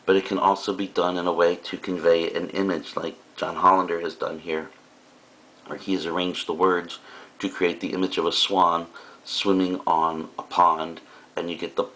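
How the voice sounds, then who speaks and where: Deep voiced guy teaching a lesson, laid back, lots of ums and little asides. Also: fairly bright tone. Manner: casual and explanatory, with frequent fillers and asides. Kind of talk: recorded classroom lecture.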